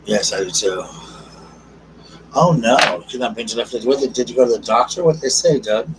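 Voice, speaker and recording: A man's voice: medium pitch, fairly quick. Chatty man, distant mic. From South Carolina. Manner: chatty and affectionate, calls viewers girl, darling, honey. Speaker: live stream host. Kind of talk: casual live stream chat, reading viewer comments. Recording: distant mic with noticeable background noise.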